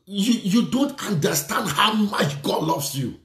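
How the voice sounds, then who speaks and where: A man preaches with fervor, repeating his declarations and prayers in a slow, drawn-out delivery. His voice sits a little high. The room around him rings with echo. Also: lively intonation, a bit bright. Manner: fervent, repetitive declarations and prayer. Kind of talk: sermon.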